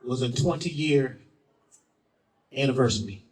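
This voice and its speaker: A man telling a personal story as a spoken-word performer, theatrical, swinging from loud lines to hushed ones and repeating phrases for effect. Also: medium pitch, unhurried, distant mic, rough recording.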